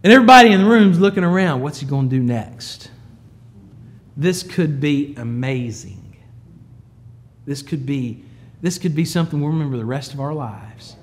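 A man preaching a sermon, moving from quiet, low storytelling to loud, emphatic high peaks. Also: lively intonation, normal speed. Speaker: pastor.

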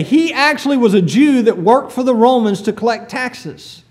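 Male preacher, sermon, very high voice, lively swinging pitch, storytelling. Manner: animated storytelling, rhetorical questions.

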